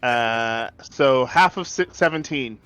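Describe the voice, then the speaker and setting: A man at a tabletop game works through his turn slowly and hesitantly. His voice is smooth and clear, and his pace is very unhurried. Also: mid-range voice, fairly bright tone. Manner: slow, hesitant, with many ums. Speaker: player. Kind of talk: playing a tabletop game, casual chat.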